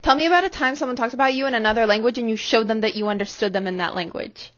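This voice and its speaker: A woman asking a quick, flat question. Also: a little high. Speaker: prompt asker. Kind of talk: reading a question. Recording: dull lo-fi recording with hiss.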